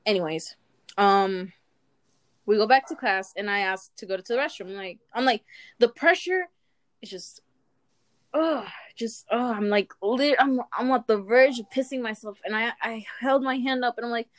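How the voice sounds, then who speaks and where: In a fairly high voice at normal speed, a young woman casually shares humorous school stories, cursing frequently and laughing between lines in an animated way. The recording has no echo.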